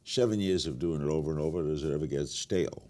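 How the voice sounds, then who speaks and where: A man's voice: rumbling low, quick pace, mellow, a little hiss or hum. An older man hosting a talk show, asking short, blunt interview questions.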